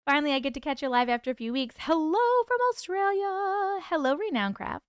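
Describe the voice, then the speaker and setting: Lively, high-voiced woman chatting with her livestream audience. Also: a little fast, hardly any pauses, dry recording, studio quality. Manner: chatty, greets viewers by name and reads their comments aloud; laughs often. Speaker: livestream host. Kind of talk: casual livestream chat.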